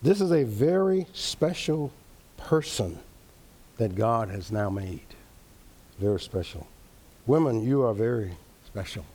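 A man leading an interactive Bible study, teaching earnestly, repeating key phrases and reading verses slowly. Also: medium pitch, a little mellow.

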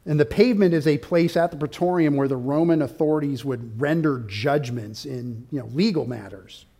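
A man preaching an expository sermon with a slightly higher voice than most men. He moves through his outline point by point. His delivery swells into forceful, emphatic peaks. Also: normal speed, creaky. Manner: emphatic, builds to loud peaks; outlined teaching with subpoints. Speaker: pastor.

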